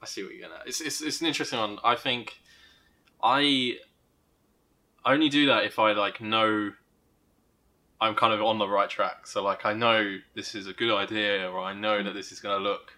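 Young male podcast co-host, low bright voice, loose conversational delivery. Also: fairly even intonation, moderate pace. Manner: thinks aloud with restarts and soft laughs. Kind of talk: casual chat.

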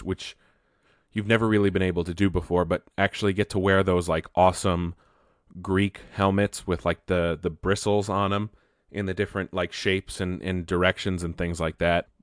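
A young man with a deep, low voice talks casually through gaming news. He rambles, stumbling and restarting his sentences. The sound is dry and close, with no room around it. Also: no echo. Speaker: gaming video host.

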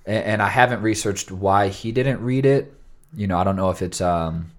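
A man's voice: lowish voice, normal speed. A man hosting a casual podcast chat, explaining at length with many fillers and restarts.

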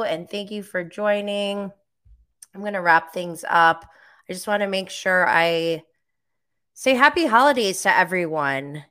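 A woman hosting a casual live recap stream, chatting with lots of fillers and jumping up in pitch when she quotes herself. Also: smooth. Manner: animated, jumps high when quoting herself. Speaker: live show host recapping reality TV.

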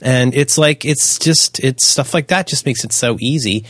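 A man's voice: medium pitch, moderate pace, fairly bright tone, husky, dry recording. A man co-hosting a podcast, chatting casually with wry, rambling, self-mocking asides. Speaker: podcast co-host.

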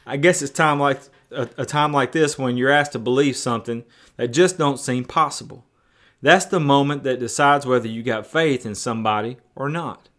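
A man voicing a calm, patient father who speaks gently and evenly. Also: mid-range voice, moderate pace, natural voice.

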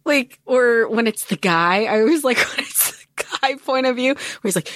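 A woman's voice: on the high side, animated, moderate pace, hardly any pauses, a bit bright, dry recording, studio quality. A woman co-hosting a casual book-club podcast, talking in an enthusiastic, giggly, conversational way. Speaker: podcast co-host.

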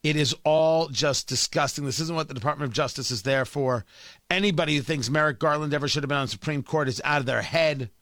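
A man's voice: fairly high pitch, fairly bright tone, no room sound. A man hosting a political commentary show, delivering an opinionated, sarcastic monologue with emphatic repetition.

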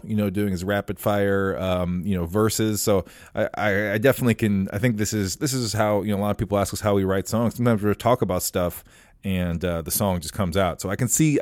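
A man hosting a casual podcast, talking in a halting way full of fillers and restarts. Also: fairly low pitch, a little mellow, dry recording, clean studio sound. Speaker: podcast host. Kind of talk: casual chat.

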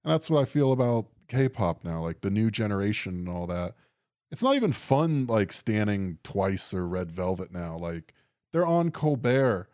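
A man's voice: fairly low pitch, sing-song, normal speed, a little mellow, no echo, clean studio sound. A young man chatting casually on a podcast, rambling and sardonic, swearing often and leaning on fillers. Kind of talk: casual chat.

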